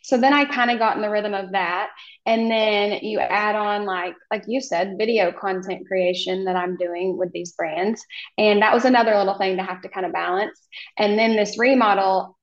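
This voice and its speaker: A woman's voice: medium pitch, steady tone, moderate pace. Woman guest on roomy, dull audio. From Oklahoma, US. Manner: friendly, rambling, many ums and restarts. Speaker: podcast guest, hairstylist. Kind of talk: casual podcast interview.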